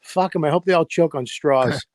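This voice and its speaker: A man with a fairly high voice, talking in a dry, close sound with crickets chirping behind him. He co-hosts a casual chat show and tells stories with lots of swearing, acting out noises as he goes. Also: normal speed, dry recording. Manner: profane, animated storyteller who mimics noises. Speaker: podcast co-host. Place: home in New Hampshire, crickets behind.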